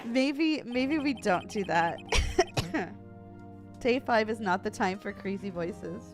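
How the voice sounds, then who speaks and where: A woman's voice: medium pitch, animated, slow pace, over music. A woman streamer giving playful, laughing, self-deprecating commentary on a video game, her voice strained. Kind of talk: casual gameplay commentary.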